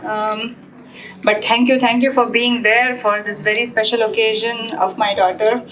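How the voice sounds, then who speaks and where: A woman's voice: fairly high pitch, level tone, moderate pace, a crowd in the background, low-quality recording. A middle-aged woman speaking as mother of the bride, hesitant and unprepared. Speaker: mother of the bride giving a speech. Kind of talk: unprepared speech at an engagement party.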